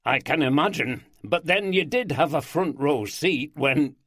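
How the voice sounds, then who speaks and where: A man's voice: on the high side, animated, a little slow, a bit bright, no room sound, studio quality, voice pushed up. A man voicing a jovial, teasing Yorkshire police superintendent with a hearty manner. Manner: hearty, chuckling.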